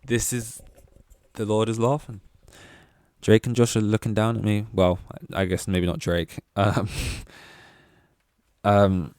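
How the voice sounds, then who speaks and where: Rambling young man, low dry voice. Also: flat delivery, measured pace, pauses often, a little mellow, no echo. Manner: rambling, chatty and self-deprecating, with frequent fillers. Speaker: podcast host. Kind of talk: casual solo podcast monologue.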